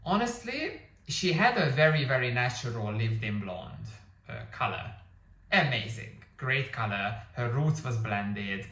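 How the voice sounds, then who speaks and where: A man's voice: on the low side, fairly bright tone, far from the mic. Rambling man in an echoey room. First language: Hungarian. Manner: rambling, heavy on fillers and "like". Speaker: movie reviewer. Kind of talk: casual movie review. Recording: echoey room, somewhat off-mic.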